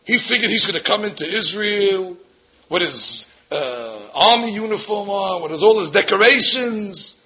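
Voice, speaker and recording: A man teaching a Bible lesson to a group of women as a lively storyteller, acting out the characters. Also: high voice, normal speed. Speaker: religious teacher. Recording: dull lo-fi recording.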